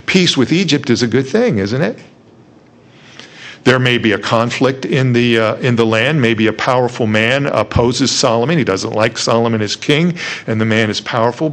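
A male preacher giving a conversational sermon, retelling a story and asking rhetorical questions. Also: mid-range voice.

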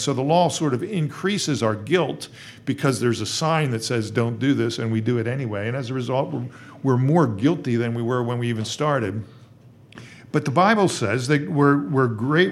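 A man preaching an expository sermon as pastor, conversational, with frequent fillers and rising emphasis on key points. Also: mid-range voice.

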